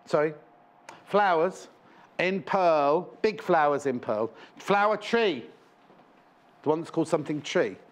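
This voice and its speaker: A man's voice: a little high, expressive, a little slow, long pauses. A man presenting live on a shopping channel, chatting and joking in rambling asides. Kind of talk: live TV sales chat. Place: TV studio.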